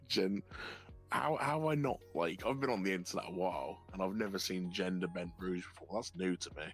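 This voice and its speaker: A man's voice: deep voice, a little fast, fairly bright tone. A man co-streaming in casual chat, laid-back and joking. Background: background music.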